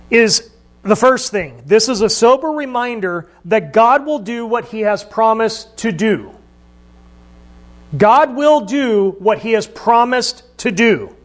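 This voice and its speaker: A man preaching a sermon, talking in a conversational way and asking the listeners questions. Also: very high-pitched. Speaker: pastor.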